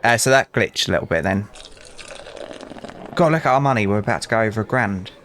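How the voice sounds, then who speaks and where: Brisk and fairly low-pitched, this young man's slightly bright voice carries a little hiss or hum. A British gaming channel host, he casually commentates a let's play, talking to customers and spinning meandering stories with dry remarks.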